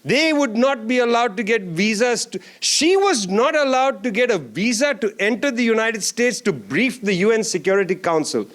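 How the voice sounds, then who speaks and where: A man's voice: high voice, animated, normal speed, hardly any pauses, fairly bright tone. A man giving a closing keynote at a conference, speaking emphatically with sarcastic asides and repeated lines. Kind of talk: political speech. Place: conference hall.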